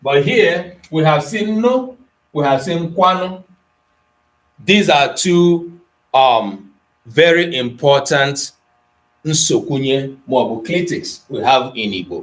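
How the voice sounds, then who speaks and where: A man's voice: fairly high pitch, expressive. A man teaching an Igbo grammar lesson to an online class, addressing students by name and moving between English, Igbo and Pidgin. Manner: slow and deliberate, with pauses and repetitions.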